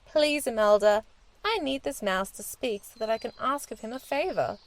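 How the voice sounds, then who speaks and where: A woman voicing a kind, gentle young princess in a children's story, speaking in a sweet, earnest way. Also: fairly high pitch, expressive, moderate pace.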